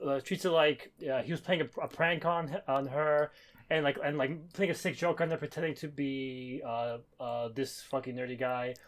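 A man's voice: medium pitch, fairly even intonation, moderate pace. A man co-hosting a casual podcast, talking hesitantly with many restarts while picking apart plot logic. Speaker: podcast co-host. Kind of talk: casual chat.

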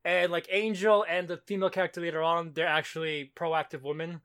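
A man's voice: fairly high pitch, a little fast, smooth. A man on a podcast, animatedly retelling a comic and acting out the characters' lines. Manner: animated, acts out quotes, swears. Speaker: podcast co-host. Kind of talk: casual chat, retelling a comic.

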